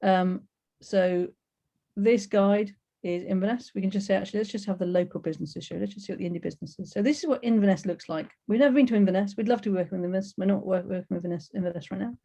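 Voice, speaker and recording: A woman's voice: medium pitch, fast talker, gravelly, mellow. A woman giving a chatty, enthusiastic webinar presentation over a video call, with many fillers.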